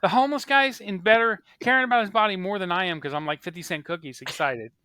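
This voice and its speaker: A man's voice: high voice, fast talker, clear, resonant tone, no echo. A man in his thirties co-hosting a podcast, telling stories in casual chat and acting out the voices of people in them. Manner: animated storyteller, acts out quoted voices. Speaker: podcast co-host.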